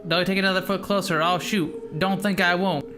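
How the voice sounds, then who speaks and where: A gruff man with a shotgun barks tense, forceful threats in a raised voice, as a streamer reading a horror game plays him. Game music runs underneath. He is pushing hard and means every word. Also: high voice, steady tone, moderate pace, pitched above the performer's own voice, natural voice. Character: gruff man defending his bird with a shotgun.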